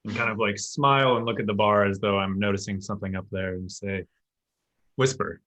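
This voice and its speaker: A man playing a tabletop game, speaking casually with quick questions. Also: lowish voice, little pitch movement, a bit bright, rough recording. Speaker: player.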